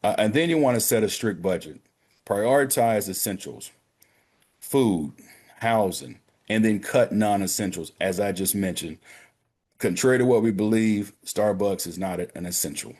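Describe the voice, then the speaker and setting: Low-voiced man giving money advice. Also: lively intonation, moderate pace. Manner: direct, practical, addresses listeners as gentlemen and brothers. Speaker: banker. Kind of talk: financial literacy talk on a prayer call.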